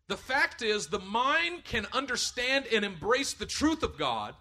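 A man's voice: very high voice, sing-song, unhurried, hardly any pauses, pushed and bright. A middle-aged man preaching a sermon, acting out voices as he tells stories from his own life. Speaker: pastor.

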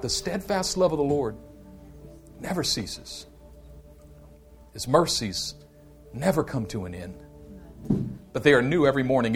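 A man preaching a sermon with passion, leading his congregation in repeated call-and-response lines. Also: medium pitch. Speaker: pastor.

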